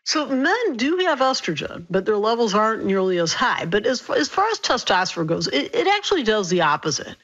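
A woman physician explaining health topics in a radio interview, brisk and clear. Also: mid-range voice, big pitch swings, a bit bright, muffled recording.

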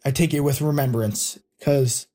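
Heartfelt young man with a mellow voice. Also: mid-range voice, steady tone. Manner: casual, heartfelt, halting with fillers. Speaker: guest. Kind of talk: personal interview storytelling.

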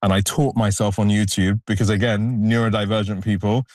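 A man with a fairly low voice speaks earnestly as a guest, reflective and emphatic, recorded close in a dry studio. He sounds like someone talking through his own story. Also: level tone, fairly quick, no echo. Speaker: photographer, guest. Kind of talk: conversational interview answers.

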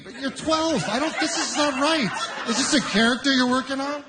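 High-voiced young male stand-up comic. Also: normal speed, noisy background. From Ontario, Canada. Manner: animated storytelling with mock exasperation. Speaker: stand-up comedian. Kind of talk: stand-up comedy set.

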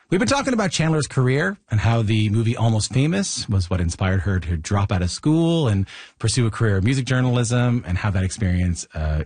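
A man hosting a radio interview, introducing his guest and asking questions in a measured, conversational way. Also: lowish voice, darkish tone, slightly rough, no echo. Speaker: radio show host.

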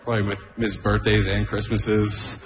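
Male stand-up comic, lower register, casual and giggly delivery, roomy club mic sound. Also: flat delivery, moderate pace. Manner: chuckles at his own jokes, loose and conversational. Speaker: stand-up comedian. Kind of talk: stand-up comedy set. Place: comedy club stage with audience laughter.

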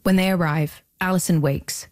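A woman hosting and narrating a documentary podcast in a measured, composed, scripted voice. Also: fairly low pitch, fairly even intonation, a little mellow, a little hiss or hum.

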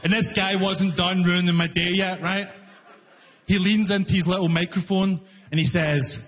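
A man telling a stand-up story on stage, acting out exasperated dialogue in an animated way. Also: a little high, normal speed. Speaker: stand-up comedian. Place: concert hall on stage. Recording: live hall recording with reverb.

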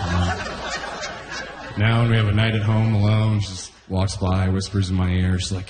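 A young male comedian from Canada works through a stand-up set with a fairly low voice, often laughing at his own lines. The sound is roomy, like a club stage. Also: steady tone, measured pace, over loud music. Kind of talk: stand-up routine.

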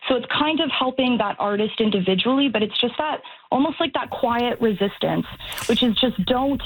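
A woman's voice: a little high, animated, moderate pace, slightly rough, poor audio. A woman calling in to a radio talk show, speaking earnestly with frequent restarts. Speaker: caller. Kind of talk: radio call-in chat.

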